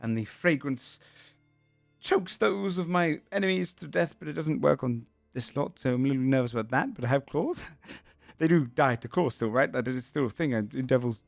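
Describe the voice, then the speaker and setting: A man voicing a nervous, excitable male dragon who frets and stumbles over his words. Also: medium pitch, normal speed, vocal fry, no room sound, soft background music, voice pushed up, lightly acted.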